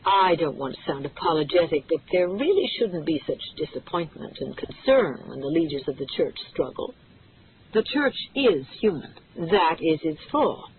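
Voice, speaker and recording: A reader voicing an older male cardinal who speaks in a measured, reassuring preacher's cadence, heard through tinny audio. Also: low-pitched, very animated, a little hiss or hum. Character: warm, calm, worried older male cardinal.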